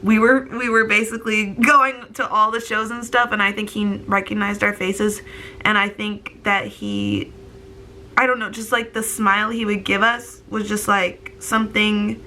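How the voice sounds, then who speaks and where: A bright, forceful young woman in her twenties rambles to camera with constant fillers, her voice teary as she holds back crying. A faint hiss of room noise sits under her speech. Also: medium pitch, level tone, measured pace. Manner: filler-heavy, rambling, tearful. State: on the verge of tears. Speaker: vlogger. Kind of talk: casual storytelling to camera.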